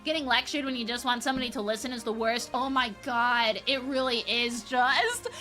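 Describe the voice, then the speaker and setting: Bright, high-pitched woman streamer chatting. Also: fairly quick, faint music behind. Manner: chatty, swears casually, reads chat aloud. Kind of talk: casual live-stream chat with viewers.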